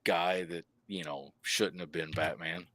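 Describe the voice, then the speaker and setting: A man's voice: low-pitched, fairly even intonation, measured pace, pushed and bright, no echo. A man co-hosting a casual livestream chat, teasing and joking playfully.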